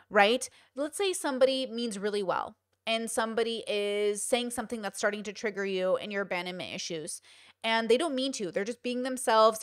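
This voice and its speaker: A young woman talks straight to her listeners in an emphatic, casual way, stressing her points by repeating them. Her voice sits a little high, and the sound is dry and close, with no room echo. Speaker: podcast host. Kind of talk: casual advice talk.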